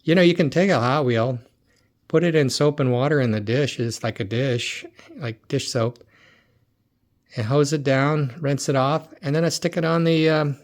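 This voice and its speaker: A middle-aged man chats his way through a box of old toy cars, muttering and repeating himself as he goes. His voice sits in an ordinary middle pitch. He sounds like he is thinking aloud. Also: fairly even intonation, normal speed. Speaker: toy car collector and dealer. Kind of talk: casual unboxing commentary.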